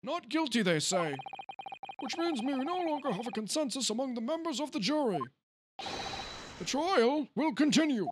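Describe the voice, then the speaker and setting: A game player voicing a stern male trial judge who speaks in formal pronouncements, pitched high and lively. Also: normal speed, background noise.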